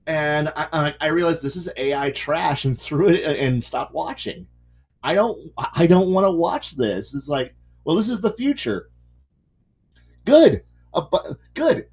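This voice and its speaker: Brief: casual male hobbyist, profane rant, restarts lines, very animated pitch. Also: measured pace, breathy edge. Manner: ranting, profane, restarts sentences. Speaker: hobby miniature painter hosting a stream. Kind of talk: casual chat while painting.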